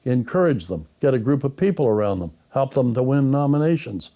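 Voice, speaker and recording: A man's voice: medium pitch, big pitch swings, brisk, warm tone. An older man, a guest being interviewed, recounting anecdotes and acting out remembered conversations. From Canada. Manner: anecdotal, acts out remembered dialogue. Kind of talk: interview storytelling.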